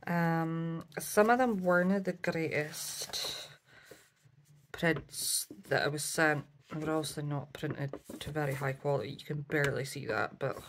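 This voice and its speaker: A craft vlogger with a low, slightly slow voice chats casually through a show-and-tell haul. She's chatty, full of ums and asides, and corrects herself often. There's noise in the background.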